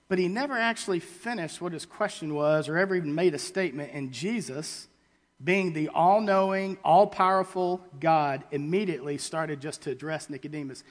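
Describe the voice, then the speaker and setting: A man delivers a sermon, reading scripture and retelling it in casual, halting paraphrase full of restarts. His voice sits a touch high for a man. A long reverb trails each phrase, as in a large hall. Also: a bit bright. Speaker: preacher.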